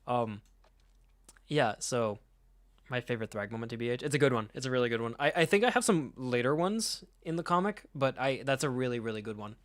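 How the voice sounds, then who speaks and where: A man's voice: mid-range voice, expressive, a little fast. Casual man rambling through a comic. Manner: rambling, swears, laughs often. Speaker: comic reader, channel host.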